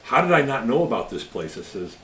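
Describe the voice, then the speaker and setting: A man's voice: medium pitch, big pitch swings, fairly quick, a bit bright. A man co-hosting a whiskey podcast, chatting casually about upcoming shows. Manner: easygoing, announcing upcoming shows. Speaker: podcast co-host. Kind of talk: casual chat. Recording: echoey room, faint background noise.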